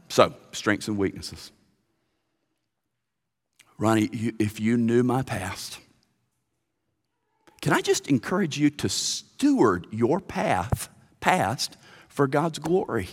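Animated male preacher in a big hall. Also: mid-range voice, slow, pauses often, slightly rough. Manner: animated preaching with stammered restarts. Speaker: pastor. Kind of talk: sermon. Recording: long reverb of a large hall.

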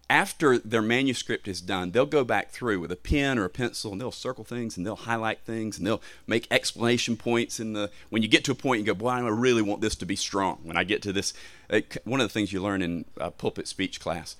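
A man preaching a sermon, emphatic, with swells in pitch and volume on key phrases. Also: a bit bright, dry recording.

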